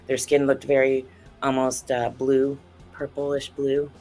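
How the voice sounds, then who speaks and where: A woman's voice: rumbling low, takes it slowly, soft background music. Earnest woman guest recounting an encounter. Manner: animated, acts out quoted dialogue, earnest. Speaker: guest, author and UFO researcher. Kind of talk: interview storytelling.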